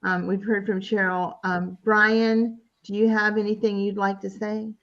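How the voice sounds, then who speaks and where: A woman hosting an online tribute over a video call, soft and hesitant, with many fillers. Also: mid-range voice, flat delivery, a little slow, dull audio. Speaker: host.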